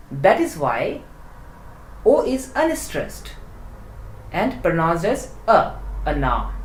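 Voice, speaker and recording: A teacher explaining an online language lesson slowly and deliberately, pausing often to find words. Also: mid-range voice, darkish tone, echoey room, low-quality recording. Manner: slow, deliberate, with frequent hesitations.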